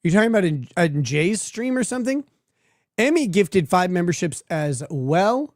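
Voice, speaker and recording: Sarcastic guy hosting a stream, laughs at his own jokes, slightly high voice, dead dry mic. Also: very animated, moderate pace, a little mellow, no room sound. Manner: sardonic, crude joking, laughs often. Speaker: livestream host. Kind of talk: casual livestream commentary.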